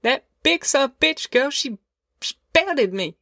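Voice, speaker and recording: A man's voice: extremely high pitch, expressive, unhurried, vocal fry, pushed and bright, no room sound, clean studio sound, voice pushed up, heavily acted. A man voicing a fierce little farm girl who speaks in a sobbing, indignant way. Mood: tearful.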